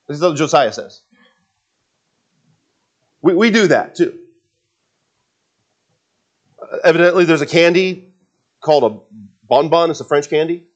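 A man's voice: on the high side, animated, measured pace, long pauses. A man preaching a sermon, building emphasis on repeated words and tossing conversational asides to the congregation. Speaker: pastor.

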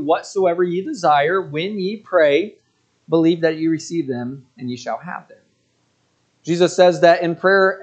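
A man in his forties preaches in a church in a notably high voice. He talks in a conversational, joking way and keeps turning aside to the congregation. The recording sounds dull and lo-fi. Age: 40s. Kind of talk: sermon.

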